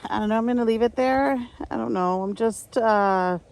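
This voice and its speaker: A woman from upstate New York talking to her camera while she tends her garden, sighing, hesitant and thinking out loud. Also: fairly high pitch, moderate pace, creaky, no echo. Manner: sighing, hesitant, talks to herself while working. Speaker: gardening vlogger. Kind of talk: casual vlog narration. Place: outdoor garden.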